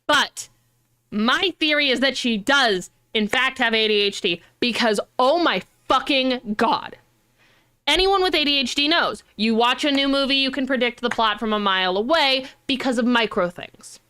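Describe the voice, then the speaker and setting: A young woman streamer chatting casually, animated and rambling, with frequent swearing. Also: sits high, normal speed, smooth.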